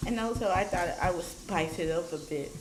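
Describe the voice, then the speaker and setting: A woman's voice: on the low side, normal speed, background noise. A woman co-hosting an eating show in casual chat, teasing her friend and laughing often. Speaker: mukbang co-host.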